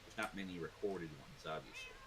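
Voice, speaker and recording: A man's voice: low-pitched, brisk, fairly bright tone, slight background noise. A man casually telling a rambling, laid-back story to a co-host. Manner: rambling, laid-back, uses fillers like blah blah blah.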